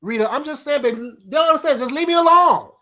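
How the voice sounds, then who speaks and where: A man's voice: very high voice, fast talker, sharp tone. A man hosting a casual livestream, bluntly cussing out trolls and greeting viewers in the chat by name. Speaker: livestream host.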